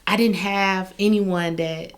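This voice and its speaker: A woman hosting a casual podcast conversation, a real estate team leader who tells lively stories and acts out the dialogue. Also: mid-range voice, slow pace. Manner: animated storyteller, acts out quoted dialogue.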